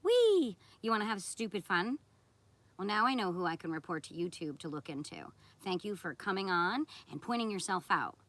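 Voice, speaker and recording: A woman live streaming who answers viewer chat in a blunt, scolding, sarcastic way. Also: lowish voice. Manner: sarcastic and confrontational. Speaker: content creator on a live stream.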